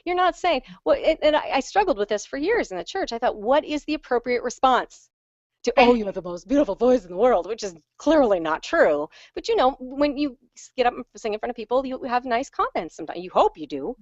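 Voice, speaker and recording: A woman coach explains singing technique with lively, self-mocking chatter. The sound is dry, with no room around it. The audio is a little dull and muffled, as on a video call. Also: high-pitched, brisk, dry recording. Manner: chatty, animated, self-deprecating teaching. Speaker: vocal coach. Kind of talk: online webinar teaching. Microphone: handheld microphone on a stand.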